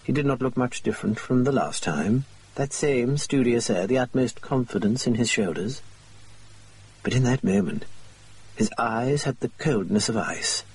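Male audiobook narrator with a husky voice. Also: mid-range voice, moderate pace, a little mellow, recorded from a distance. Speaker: audiobook reader. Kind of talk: scripted narration.

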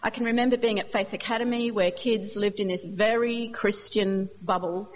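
A woman's voice: mid-range voice, steady tone, normal speed. Woman preaching in a reverberant hall. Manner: reads scripture passages with emotional emphasis. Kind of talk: sermon.

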